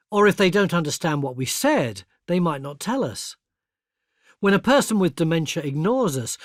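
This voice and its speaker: An older man narrating a scripted educational video, explaining patiently and clearly and speaking example phrases kindly. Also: a little high, dry recording, clean studio sound. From England. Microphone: close studio mic.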